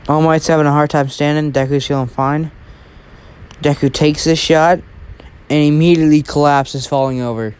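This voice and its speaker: A man's voice: on the high side, steady tone, moderate pace, darkish tone, clear, resonant tone. A man casually telling an improvised story, rambling with many fillers and restarts.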